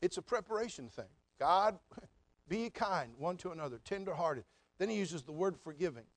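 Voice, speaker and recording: A man in middle age preaches with a high-pitched, lively voice, folksy and full of mocking asides. The sound is close and dry, with no room around it. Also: normal speed, no room sound. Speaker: pastor. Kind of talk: sermon.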